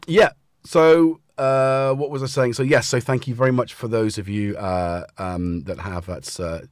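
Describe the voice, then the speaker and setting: A man's voice: on the low side, no echo. Guy chatting on his home stream, bouncy up-and-down voice, rambles, dry close mic. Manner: rambling, chatty, trips over words. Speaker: livestream host. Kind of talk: casual livestream chat. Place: room at home. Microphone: desk mic with headphones.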